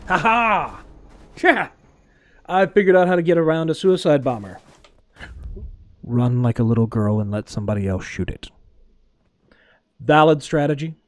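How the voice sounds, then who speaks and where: A man's voice: medium pitch, moderate pace, pauses often, darkish tone. A man streaming a game live, chatting casually and laughing often at what happens on screen. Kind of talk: casual live gameplay commentary.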